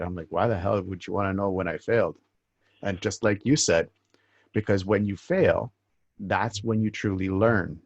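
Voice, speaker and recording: A man's voice: sits low, normal speed, no echo. A man interviewing a guest in a reflective, casual way, repeating phrases for emphasis. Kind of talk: casual conversation. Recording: dull, dry, muffled sound.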